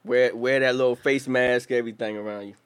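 Male co-host, mid-pitched everyday voice, blunt crude jokes. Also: steady tone, a little fast, clean tone. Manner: laughing, blunt and joking. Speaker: podcast co-host. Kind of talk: crude casual banter.

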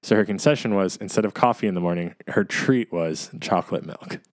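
Male podcast host, fairly low voice, dry sound, lively storyteller. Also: fairly quick, no room sound. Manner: animated storyteller, quotes others, laughs easily. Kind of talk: casual chat.

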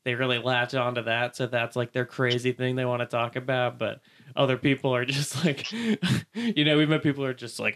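A man's voice: mid-range voice, normal speed, a bit bright. A young man hosting a casual chat, rambling and laughing often.

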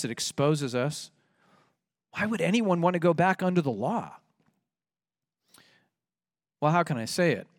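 A man's voice: fairly high pitch, dry recording, studio quality. A man preaching a sermon, emphatic and rising when he reads out scripture. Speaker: pastor.

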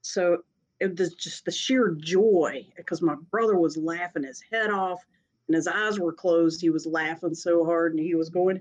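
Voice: mid-range voice, steady tone, a little slow. Rambling, chatty storyteller on lo-fi audio. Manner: rambling, chatty, laughs often mid-story. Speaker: storyteller sharing a personal experience. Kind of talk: casual spoken storytelling.

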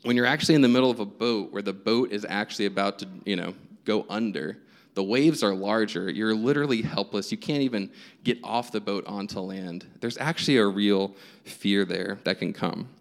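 A man's voice: lowish voice, brisk. A young man preaching a casual, conversational sermon as pastor, telling stories with self-deprecating humor.

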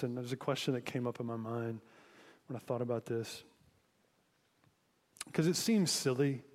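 A man's voice: medium pitch, measured pace, long pauses, big-room sound. A man preaching a sermon as pastor, in a conversational way, asking listeners reflective questions.

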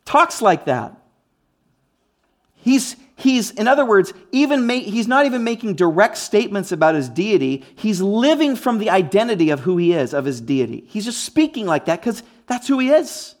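A man's voice: high voice, sing-song, moderate pace. Emphatic conversational male preacher. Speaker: pastor. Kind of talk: sermon.

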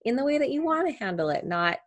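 A woman's voice: high voice, very animated, fast talker. A woman hosting a podcast, chatting enthusiastically and affirming her guest. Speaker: podcast host. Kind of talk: podcast interview.

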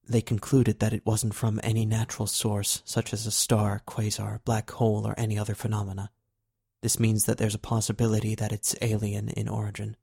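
A patient male government agent, formal and even as he delivers news, voiced by a male reader. His tone stays low, quiet and controlled. Part of a spoken novel. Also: vocal fry, husky, dry recording, studio quality. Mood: measured. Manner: measured, respectful reporting.

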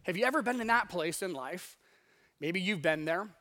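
Bright-voiced, high-pitched male pastor. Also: lively intonation, normal speed. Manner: conversational, acts out voices in asides. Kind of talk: casual sermon. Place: church sanctuary.

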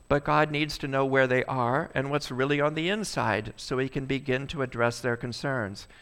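A male pastor preaching a sermon, asking the congregation rhetorical questions and swinging between loud bursts and quiet asides. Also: medium pitch, clean tone.

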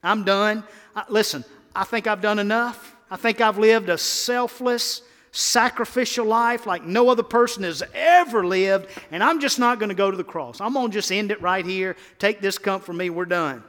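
A man's voice: high voice, moderate pace, a bit bright, long reverb tail. A man acting out an imagined weary man quitting his mission, casual and dismissive.

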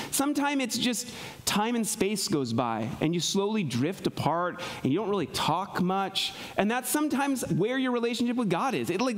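A pastor preaches conversationally, frequently checking in with "right?" and shifting between soft, low asides and raised, emphatic passages.

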